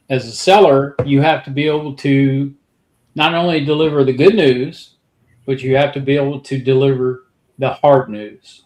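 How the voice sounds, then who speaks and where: A man's voice: medium pitch, fairly even intonation, normal speed, a little mellow. A male podcast host in casual, matter-of-fact chat. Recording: roomy echo.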